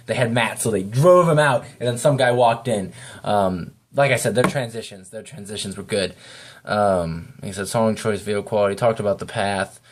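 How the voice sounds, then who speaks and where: A man's voice: lowish voice, animated, normal speed. A man giving a casual, rambling spoken review of a video, talking off the cuff.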